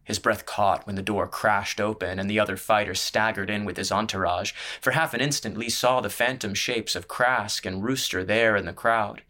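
Man, storybook narrator, fairly low voice, measured and even. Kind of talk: scripted audiobook narration.

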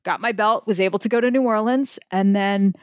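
A woman's voice: medium pitch, a little fast, clear, resonant tone, no room sound, studio quality. A woman guest telling a story in a casual interview, acting out other people's lines as she goes. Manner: animated storyteller, acts out quoted voices.

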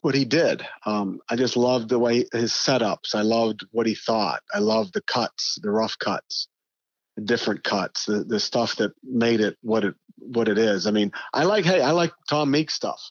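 Excitable middle-aged man telling stories. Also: mid-range voice, moderate pace, no echo, muffled recording. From western Pennsylvania. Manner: excitable, acts out both sides of conversations. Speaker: guest, pro golfer. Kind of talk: animated storytelling.

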